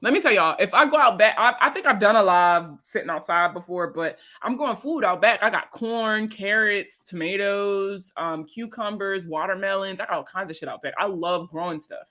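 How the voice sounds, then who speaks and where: A woman's voice: mid-range voice, normal speed, few pauses, sharp tone. A woman rambling casually on a livestream, talking in a loose and profane way and laughing often. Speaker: personal finance creator and veteran.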